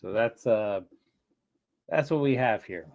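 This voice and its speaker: A man's voice: mid-range voice, animated, slow, gravelly, darkish tone, highs cut off. A man hosting a casual livestream chat, telling rambling stories and laughing often. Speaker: streamer.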